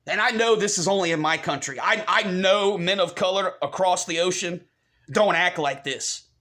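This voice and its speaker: A man's voice: on the high side, a bit bright. A man vlogging an angry, heated rant to his viewers, profane and repeating himself.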